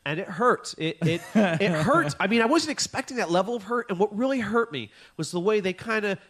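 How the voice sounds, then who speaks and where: A man's voice: high-pitched, animated, fast talker, a bit bright. A man co-hosting a comedy podcast, ranting animatedly and profanely, often acting out his own exasperated reactions. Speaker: podcast co-host. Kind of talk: casual comedic chat.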